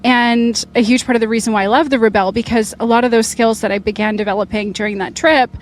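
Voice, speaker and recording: A woman's voice: a little high, fairly even intonation, quick pace, slight background noise. A young woman, a rally competitor, speaking in a casual interview with an upbeat, chatty manner and lots of fillers. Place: outdoors at an event finish line.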